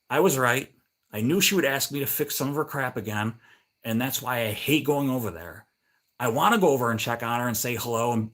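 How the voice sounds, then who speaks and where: Middle-aged male stream host, mid-pitched, rambling and irritated storyteller. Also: a bit bright. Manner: rambling, annoyed, acts out both sides with "I go". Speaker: livestream host. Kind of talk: casual storytelling chat.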